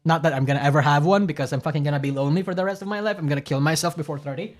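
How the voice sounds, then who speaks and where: A man's voice: on the high side, very fast. A man casually commenting as a streamer reacting to clips, profane, rambling and self-deprecating.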